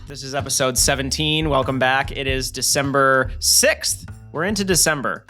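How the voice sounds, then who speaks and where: A man's voice: mid-range voice, normal speed, pushed and bright, faint music behind. A man in his thirties hosting a podcast, casual and self-mocking with frequent jokes. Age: 30s. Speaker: podcast host. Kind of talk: casual chat.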